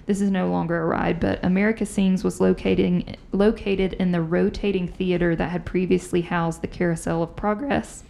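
Chatty woman with a gravelly voice. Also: fairly low pitch, moderate pace, hardly any pauses. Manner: chatty, animated storyteller. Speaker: podcast host. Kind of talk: casual chat, storytelling.

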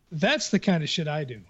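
A blunt man tells stories on a casual podcast and swears freely as he goes. His voice sits a bit high. The recording sounds dull and lo-fi. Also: sing-song, a little slow, a bit bright, husky. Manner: blunt, profane storytelling. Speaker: podcast co-host. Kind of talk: casual chat.

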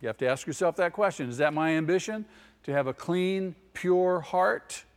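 A man's voice: fairly high pitch, normal speed. A male pastor preaching a sermon with emphasis. He repeats key phrases and asks the congregation questions. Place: church hall. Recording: long hall reverb.

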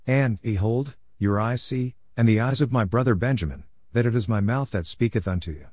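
A man reading scripture aloud in a steady, measured recitation. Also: mid-range voice, no room sound, studio quality. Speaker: scripture reader.

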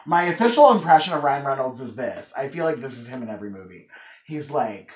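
A woman's voice: very deep voice, fast, rough recording. A woman hosting a podcast in casual chat, playful and chatty, telling stories. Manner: chatty, playful, animated storytelling. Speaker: podcast host.

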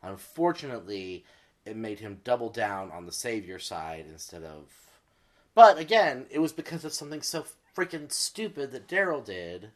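A man's voice: lowish voice, big pitch swings, normal speed. Chatty male podcast co-host. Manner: chatty, says "like" often. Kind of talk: casual podcast chat.

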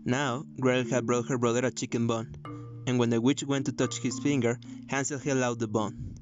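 A man with Spanish as his first language reads a fairy tale aloud in a quick, even way. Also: medium pitch. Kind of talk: reading a story aloud. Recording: muffled recording from off the mic, loud music.

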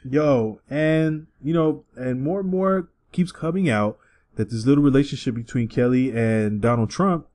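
A man co-hosting a podcast in casual, profane chat, animated and breaking into loud, high-pitched bits. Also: normal speed. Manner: animated, swings into shouted bits. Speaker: podcast co-host.

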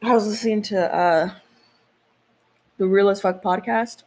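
A woman's voice: medium pitch, steady tone, unhurried, darkish tone. A woman co-hosting a casual podcast, outspoken and swearing freely, from the United States. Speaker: podcast co-host. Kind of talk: casual chat.

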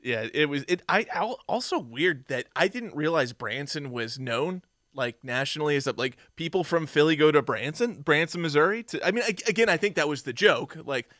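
A man co-hosting a podcast, chatting casually about a movie in a blunt, animated way and swearing freely. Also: on the high side, normal speed, few pauses, no echo, clean studio sound. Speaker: podcast co-host.

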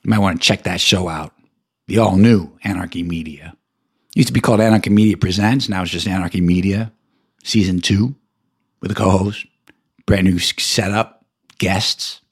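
An angry man rants alone on his podcast, swearing constantly. His husky voice swings through a wide pitch range and jumps up high whenever he gets worked up. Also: darkish tone. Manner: profane, ranting, voice jumps high when heated. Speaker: podcast host. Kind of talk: angry solo rant.

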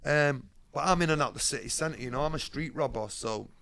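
A man's voice: medium pitch, fairly quick, creaky, fairly bright tone. A man, a guest in an interview, telling his life story bluntly, streetwise and swearing freely.

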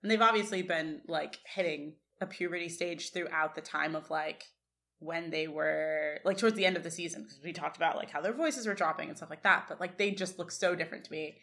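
A woman's voice: lowish voice, brisk, a bit bright. A woman co-hosting a podcast, chatting casually and recapping scenes with lots of fillers. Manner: chatty, many fillers, reads quotes aloud. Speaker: podcast co-host.

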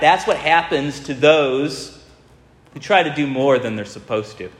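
A man preaching a sermon in a storytelling manner, speeding up and slowing right down for emphasis. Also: medium pitch, expressive. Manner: storytelling, shifting between fast and drawn-out. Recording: echoey hall with long reverb.

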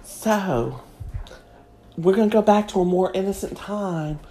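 Slow, sassy drawling woman. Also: medium pitch, lively intonation, mellow. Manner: sassy, mock-prim drawl. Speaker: comedic host. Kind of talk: comedic gossip monologue.

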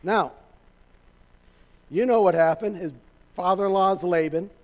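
A male pastor with a notably high voice preaches to his congregation. He tells the story casually and with humor, and his voice carries a long hall reverb. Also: measured pace. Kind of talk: sermon.

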